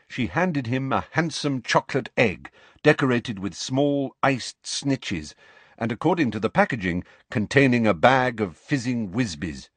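A man narrating a storybook in an expressive, measured way. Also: medium pitch, breathy edge, no room sound. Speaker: audiobook narrator.

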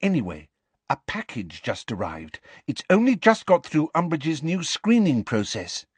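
A man voicing a kind, persistent teenage schoolgirl in an audiobook, lifting his pitch and coaxing gently. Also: sing-song, unhurried, husky, no room sound, full character voice.

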